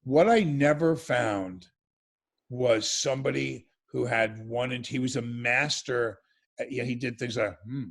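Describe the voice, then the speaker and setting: A man chatting as an interview guest over a video call, telling stories with quick asides and restarts. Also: medium pitch, creaky. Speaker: interview guest, former reality show participant. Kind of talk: storytelling interview chat.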